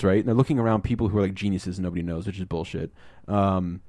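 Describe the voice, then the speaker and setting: A man hosting a casual podcast, talking about a film, rambling and swearing and acting out scenes in quick put-on voices. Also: fairly low pitch, fairly even intonation, dry recording, clean studio sound. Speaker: podcast host.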